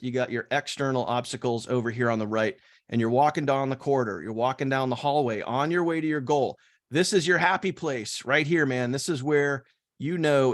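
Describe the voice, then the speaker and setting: A man's voice: mid-range voice, no echo, clean studio sound. A man teaching online business in a casual, slangy style, acting out his students' worries and doubts. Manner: animated, slangy, acts out students' inner doubts.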